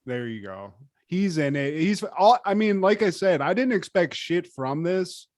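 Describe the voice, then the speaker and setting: A man co-hosting a podcast in casual chat, animated and profane, with lots of fillers. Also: sits high, unhurried, no echo, studio quality. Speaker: podcast co-host.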